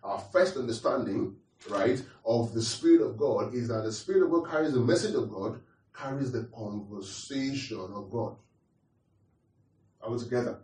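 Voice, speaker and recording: A man's voice: medium pitch, lively intonation, normal speed, darkish tone. A man preaching a teaching sermon, repeating his points and asking the congregation questions. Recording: roomy echo, distant mic.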